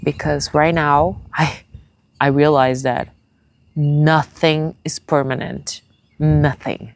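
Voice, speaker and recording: A young woman talking to her viewers in a tearful personal vlog, halting and searching for words in English, which is not her first language. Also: sits low, fairly even intonation, no room sound. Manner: confiding, speaks straight to viewers. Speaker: vlogger.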